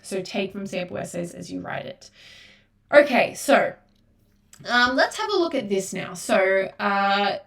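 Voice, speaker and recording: A woman's voice: medium pitch, lively intonation, unhurried, creaky, fairly bright tone. Chatty Australian woman tutoring in an echoey room. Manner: casual, chatty, frequent fillers. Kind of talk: exam prep lesson. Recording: echoey room, far from mic.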